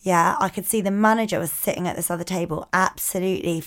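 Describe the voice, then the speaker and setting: A woman co-hosting a podcast, telling a story in casual chat, animated and swearing a lot. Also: fairly low pitch, quick pace. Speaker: podcast co-host.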